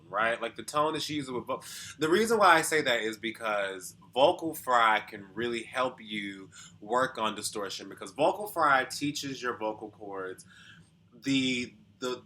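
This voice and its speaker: A man with a sharply bright, forward voice at an ordinary pitch, reacting as a vocal coach. He thinks out loud with plenty of hedges and breaks into quick sung demonstrations. The delivery stays casual and explanatory. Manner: thoughtful, hedging, explains and sings short demos.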